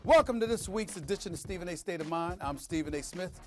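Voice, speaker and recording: A man giving an emphatic, animated sports opinion segment, swinging between loud bursts and hushed asides. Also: high voice, fast talker. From New York. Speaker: sports commentator.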